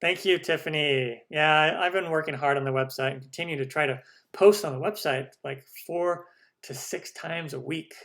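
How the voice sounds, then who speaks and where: Guy hosting a cooking live stream, chatty and rambly, kinda high voice, hums to himself. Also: moderate pace, a bit bright. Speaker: cooking channel host. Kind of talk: casual live stream chat.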